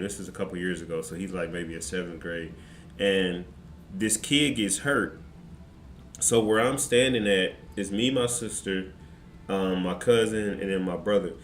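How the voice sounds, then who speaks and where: A man streamer telling a story in casual, slangy, animated fashion. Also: low voice. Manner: animated, slangy, excitable retelling. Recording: roomy with faint background noise.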